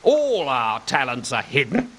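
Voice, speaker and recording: A man's voice: medium pitch, wildly swooping pitch, unhurried, a bit bright, heavily acted. An actor playing a cynical, bored male palace guard with a dry, sardonic drawl. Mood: deadpan.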